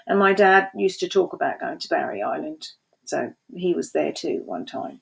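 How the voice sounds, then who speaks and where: Chatty woman with a gravelly edge. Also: low voice, big pitch swings, moderate pace. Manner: chatty and informal, with small restarts. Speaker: poetry reader. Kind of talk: casual intro to a poetry reading.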